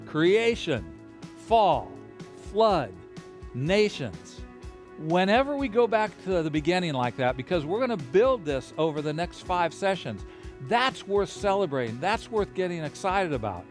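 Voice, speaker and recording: A man teaching a Bible lesson to children and families, lively and encouraging, guiding them through hand motions as he talks alone into a camera. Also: sits high, normal speed, soft background music. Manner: lively, gesture-led, encouraging.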